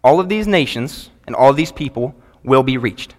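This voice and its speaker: A man, preaching a sermon to a congregation in an earnest, measured way and reading scripture aloud. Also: medium pitch, animated. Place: church sanctuary before a congregation. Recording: long reverb of a large hall.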